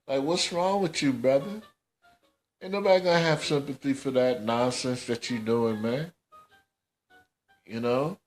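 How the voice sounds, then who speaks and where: A man's voice: mid-range voice, a little slow, pauses often, soft background music. A man hosting a casual commentary podcast, scolding in slangy, repetitive talk. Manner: scolding, slangy, repeats himself. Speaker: host.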